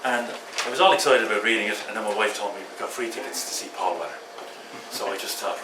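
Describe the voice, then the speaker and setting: A man at a pub open mic, chatting before reading a humorous poem, a lively storyteller with fillers. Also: lowish voice, fast. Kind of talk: chatty preamble and poetry reading. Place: pub function room. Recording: roomy pub from a distant mic with background noise.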